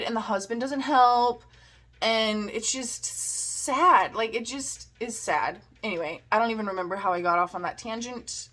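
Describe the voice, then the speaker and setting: A young woman chatting to her camera in a relaxed vlog, her voice sitting a little high. She rambles with plenty of "like," laughs at herself and drifts off on tangents. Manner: chatty, giggly, lots of "like" and self-mockery. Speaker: vlogger. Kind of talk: casual vlog storytelling.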